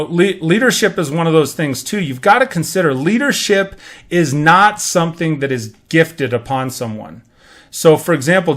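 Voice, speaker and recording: Slightly high-voiced man riffing on leadership. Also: fairly bright tone. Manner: rambling, restarts, acts out quoted chatter. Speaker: podcast host. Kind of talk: casual motivational monologue.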